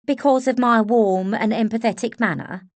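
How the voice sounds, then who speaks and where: Brassy, teasing woman nurse with an Estuary accent, read by a woman narrator; loud and sassy in a storybook. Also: a little high, moderate pace, no room sound, pitched above the performer's own voice, natural voice. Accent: Estuary English.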